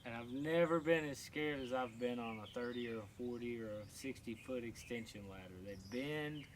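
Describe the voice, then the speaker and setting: A tower climber, telling stories in a casual, profane, animated way. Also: male voice, medium pitch, moderate pace, noisy background. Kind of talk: casual storytelling.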